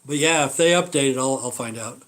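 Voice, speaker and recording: A man's voice: medium pitch, brisk, fairly bright tone. A man hosting a live stream, telling stories in a meandering, profane way. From Idaho. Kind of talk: rambling casual live-stream chat.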